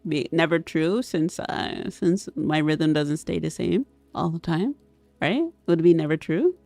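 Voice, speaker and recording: A woman chatting casually on a live stream, reading chat aloud and answering it, giggly, with her voice swinging between squealing excitement and soft mumbling. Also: low voice, unhurried, gravelly, no room sound, soft background music. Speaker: vtuber streamer.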